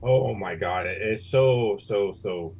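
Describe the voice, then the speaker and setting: Husky guy complaining about sports, kinda muffled dull audio. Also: on the low side, slow. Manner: complaining, animated storytelling. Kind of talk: casual chat.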